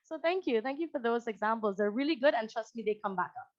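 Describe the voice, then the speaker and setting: A woman's voice: on the high side, lively intonation, quick pace, no room sound, muffled recording. A woman psychologist with a Guyanese accent giving a conversational presentation over a video call, often acting out quoted parents.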